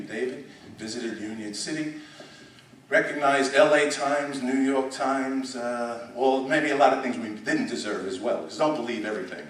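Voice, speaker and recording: A man's voice: medium pitch, a little hiss or hum. A middle-aged man from the United States, a school superintendent giving an emphatic conference speech with repeats and restarts, in a conference room. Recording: echoey hall, speaker far from mic.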